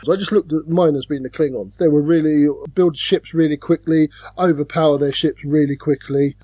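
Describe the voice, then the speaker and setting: Talking board games on a podcast he co-hosts, this man is animated and casual, dropping into goofy put-on voices from time to time. His fairly high voice runs a little fast, with no echo and the highs cut off.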